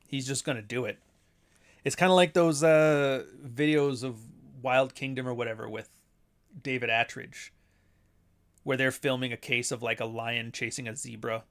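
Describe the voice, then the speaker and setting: A man's voice: medium pitch, fairly even intonation, moderate pace. A man hosting a casual livestream chat from home, rambling bluntly and swearing often. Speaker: host, author. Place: home near Toronto.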